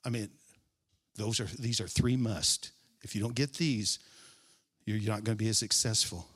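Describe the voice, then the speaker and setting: A male pastor preaching a sermon, repeating key phrases with emphasis, drawing them out and now and then dropping to a hushed aside. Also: fairly low pitch, steady tone, normal speed, husky.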